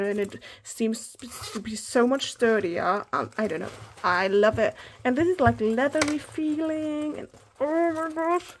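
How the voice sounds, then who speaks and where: Gushing high-voiced woman unboxing a haul. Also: a little hiss or hum. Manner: gushing, often drops to a whisper. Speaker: planner vlogger.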